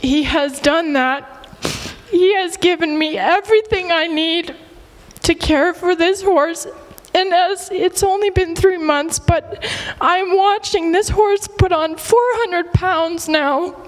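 A woman sharing an emotional personal testimony in church, halting and near tears, with many pauses. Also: very high voice, big-room sound, low-quality recording.

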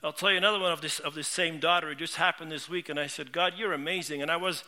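High, sharp-toned middle-aged preacher. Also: male voice, steady tone, very fast. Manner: earnest, heartfelt storytelling with frequent word repeats. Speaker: pastor. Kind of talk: sermon.

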